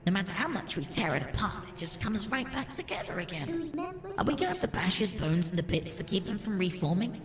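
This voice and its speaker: A man's voice: sits high, sing-song, fairly quick, echoey room, music in the background, voice pushed up. Midna, a man putting on a mischievous female imp. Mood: puzzled.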